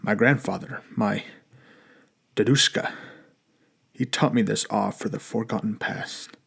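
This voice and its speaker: A man narrating an audiobook in a measured, even storytelling manner. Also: on the low side, creaky, breathy edge.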